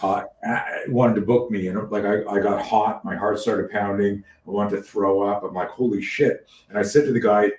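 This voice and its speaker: A man with a lowish voice hosts a casual podcast chat, animated and profane, circling back through false starts as he tells a story. He sounds set back from the mic, and his voice rings in an echoey room. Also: normal speed, hardly any pauses, recorded from a distance, slight background noise. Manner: animated storyteller, swears freely, many restarts. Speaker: podcast host.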